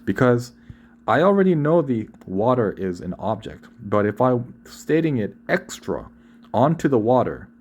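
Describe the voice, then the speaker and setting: A man's voice: mid-range voice, sing-song, unhurried, darkish tone. A young man teaching a grammar lesson, explaining patiently and often repeating or correcting himself. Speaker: Korean language teacher.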